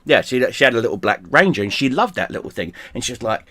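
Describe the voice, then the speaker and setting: A man hosting a stream, telling a story in casual chat. He swears a lot, gets animated and often restarts his sentences. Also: mid-range voice, fast talker. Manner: profane, animated, with frequent restarts. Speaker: streamer host.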